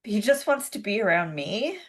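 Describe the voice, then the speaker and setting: A woman's voice: mid-range voice, very animated, moderate pace. A woman in her thirties co-hosting a podcast, chatting casually and telling stories with lots of fillers and restarts. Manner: rambling, storytelling with many fillers and restarts. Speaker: podcast co-host. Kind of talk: casual chat.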